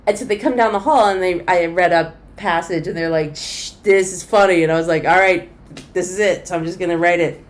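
On the low side and fast, this middle-aged woman comedian's voice carries a long story through a conversational interview. She performs it with energy, voicing each person she quotes.

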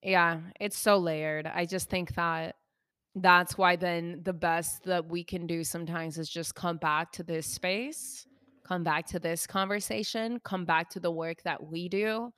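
A woman's voice: on the low side, steady tone, measured pace, a bit bright, clean tone, dry recording, studio quality. A woman co-hosting a podcast, speaking earnestly and reflectively about healing in casual chat. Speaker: podcast co-host, healer.

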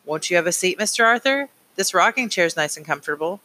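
A man reading an audiobook, voicing a polite, earnest young girl who speaks carefully and slowly. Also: sits high, animated, bright, forceful tone, full character voice.

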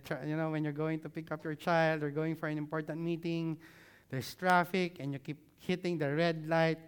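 A man preaching a sermon, engaging the listeners with many questions and growing more animated as he explains. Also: a little high, smooth. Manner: grows louder and more animated when explaining.

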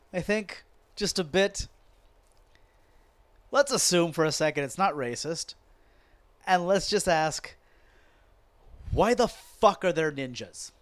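A podcast host with a somewhat high voice rants about what he watched, swearing freely and piling on sarcasm. He talks in a loose, animated way, close to the mic. The sound is dry, with no room echo. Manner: animated, profane, sarcastic ranting. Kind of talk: casual ranting wrestling commentary.

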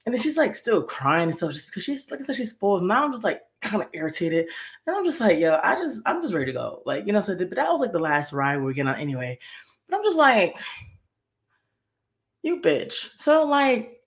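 Heated young woman ranting, lively pitch. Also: fast talker. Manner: heated, profane, repeats herself. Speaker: podcast host. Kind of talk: casual storytelling rant.

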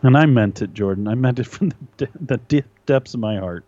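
A man's voice: medium pitch, fairly quick, mellow, no echo, muffled recording. A man co-hosting a podcast in casual chat, talking earnestly and restarting often as he makes a point. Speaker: podcast co-host.

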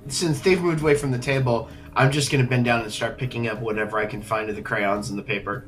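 A man playing a tabletop game, speaking in a plain, relaxed way. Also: medium pitch, quick pace. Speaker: player. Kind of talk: casual tabletop play.

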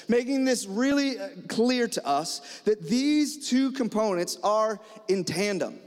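A man preaching a sermon, telling a personal story in a lively, animated way and acting out the dialogue with lots of fillers. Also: high-pitched, measured pace, few pauses. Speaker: pastor. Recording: hall reverb.

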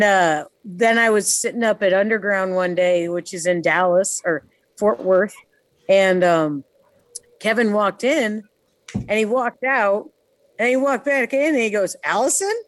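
A woman's voice: medium pitch, a little slow, no echo. A woman from New York, a guest on a talk show, telling casual stories bluntly and swearing freely. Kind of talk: casual storytelling chat.

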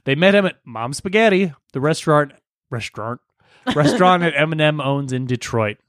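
A man in easy, joking podcast banter reads a fan story aloud and riffs on it. His voice sits a bit high and moves a lot. The sound is dry and close. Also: animated, moderate pace, fairly bright tone, no room sound. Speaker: podcast co-host. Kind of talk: casual comedic banter.

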